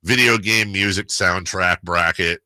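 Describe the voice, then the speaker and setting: A man's voice: sits low, measured pace, no room sound. A man hosting a sports radio show, telling stories in casual banter and laughing often. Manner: animated storyteller, laughs often. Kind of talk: casual chat. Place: radio studio.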